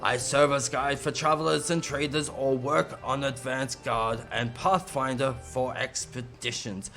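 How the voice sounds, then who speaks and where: A man voicing a boastful, chatty male townsman in a fantasy game, speaking in a lower, slow and self-satisfied drawl. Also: fairly even intonation, bright, forceful tone, soft background music. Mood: smug.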